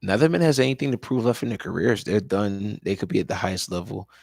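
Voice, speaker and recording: A tired man talks sports on a casual live stream from home, rambling and repeating himself. His voice sits very low with a gravelly fry and a husky edge. The sound is dry and close. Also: expressive, quick pace, a little mellow, no room sound. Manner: loose, rambling, leans on "you know" and repeats himself. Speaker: sports talk livestream host and high school coach. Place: at home, dog in background.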